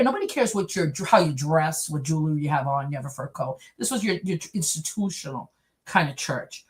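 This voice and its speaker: Speaking at a moderate pace with a medium-pitched voice, a middle-aged New Yorker recounts her story as an interview guest. She's animated and slips into the voices of the people she describes.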